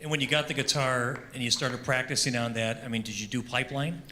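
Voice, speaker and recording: A man's voice: medium pitch, steady tone, fast, sharp tone, a little hiss or hum. A man interviewing a musician, asking questions and reacting with encouragement.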